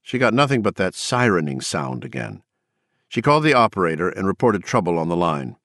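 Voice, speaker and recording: A man narrating an audiobook in a steady, even reading voice. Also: low-pitched, fairly quick, no room sound, clean studio sound.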